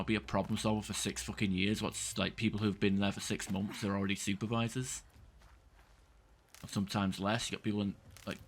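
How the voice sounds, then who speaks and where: A man's voice: fairly low pitch, fairly bright tone, slight background noise. A man streaming a game, rambling casually and venting in frustration, with occasional swearing. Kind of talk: casual gameplay chat.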